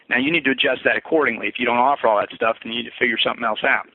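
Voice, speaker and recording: A man's voice: medium pitch, fairly even intonation, very fast, few pauses, slightly rough, dry recording. A man walking trainees through a sales script in a conversational training session, often repeating words as he restarts. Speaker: fitness business coach. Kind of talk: recorded sales training walkthrough. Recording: tinny phone-like audio.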